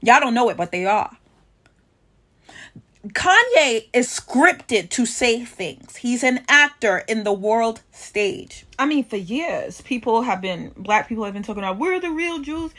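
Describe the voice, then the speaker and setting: A woman's voice: fairly high pitch, animated, a little slow, pushed and bright. A woman delivering a preachy vlog monologue, emphatic and confrontational, repeating phrases for emphasis. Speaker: online commentator.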